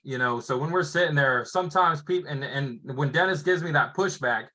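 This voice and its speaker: Bright, upbeat salesman-trainer man. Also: a little high, a little fast, poor audio. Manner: energetic, upbeat salesy talk. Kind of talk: sales role-play coaching.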